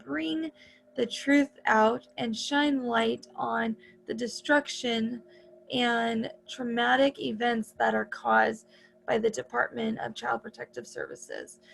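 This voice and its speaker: A woman's voice: on the high side, vocal fry, a little hiss or hum, rough recording. A woman hosting an interview, speaking earnestly about her advocacy while she has the hiccups. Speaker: host.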